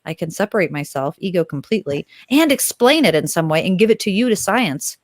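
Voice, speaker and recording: Enthusiastic female co-host, slightly low voice, rambling chat, dry close sound. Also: animated, brisk, no echo. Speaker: astrology podcast co-host. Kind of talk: casual chat.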